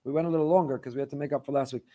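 A man's voice: mid-range voice, steady tone, rapid-fire, warm tone. A man teaching a weekly faith lecture with passion, driving his points home through repeated phrases and rhetorical questions. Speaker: Torah teacher.

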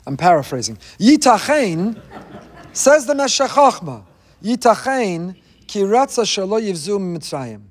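High-voiced man teaching with wry jokes. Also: sing-song, measured pace, long reverb tail. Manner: wry asides, joking. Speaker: Torah teacher. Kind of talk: weekly Torah class.

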